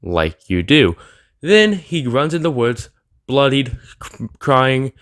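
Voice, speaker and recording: A man's voice: medium pitch, big pitch swings, slow, a bit bright, dry recording, clean studio sound. A young man delivering a rambling, sarcastic opinion rant for his anime channel. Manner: rambling, sarcastic, with filler words and restarts. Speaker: anime YouTuber.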